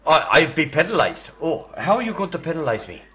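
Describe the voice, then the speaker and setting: Brief: older Australian man, sixties, crude mocking prank caller, lively swooping voice. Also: fairly high pitch, brisk, over a noisy crowd. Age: 60s. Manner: foul-mouthed, mocking, bursts into furious shouting. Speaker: scam baiter.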